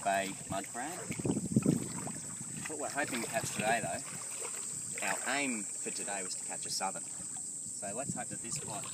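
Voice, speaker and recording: An excitable young Australian man explains a crab catch outdoors in an easygoing, informal way. He is picked up by a camera mic some distance off, and loud outdoor noise runs underneath. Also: on the low side, a little slow, pauses often. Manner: excited, exclaims loudly when handling crabs. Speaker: co-host. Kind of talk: casual outdoor crabbing video. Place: outdoors by an estuary.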